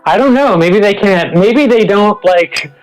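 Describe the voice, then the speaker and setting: A man's voice: high voice, lively intonation, measured pace, music in the background, rough recording. A man joining a livestream remotely, chatting casually with playful, joking asides. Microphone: remote call.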